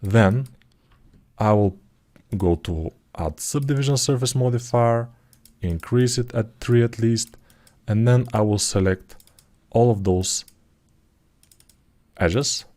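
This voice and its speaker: A man in his forties, talking through a live 3D modeling tutorial in a low-key way, murmuring quietly while he concentrates and dropping joking asides. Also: slow pace, long pauses. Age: 40s.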